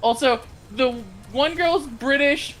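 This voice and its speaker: A podcast co-host in casual chat, telling a game's story in a rambling, animated way with lots of fillers and casual swearing. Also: medium pitch, moderate pace. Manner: swears freely. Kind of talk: casual chat about video games.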